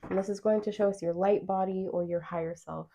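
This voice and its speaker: Female tarot reader, mellow with a gravelly edge, chatty and encouraging, talks straight to viewers. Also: mid-range voice, fairly even intonation, fairly quick. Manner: chatty and encouraging, reads card meanings aloud; addresses viewers directly. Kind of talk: pick-a-card tarot reading to camera.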